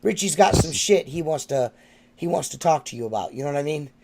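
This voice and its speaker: A man hosts a loose podcast chat in a high, gravelly voice. He swears freely and laughs easily as he tells his stories. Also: animated, a little fast, background noise. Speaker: podcast host. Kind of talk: casual chat.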